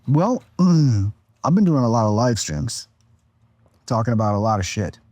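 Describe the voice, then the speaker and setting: A man's voice: mid-range voice, sing-song, a little slow, a little mellow, no room sound. A tired man in his thirties, a podcast guest, chatting casually in a rambling, laid-back way with plenty of swearing and restarts. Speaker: podcast guest, content creator.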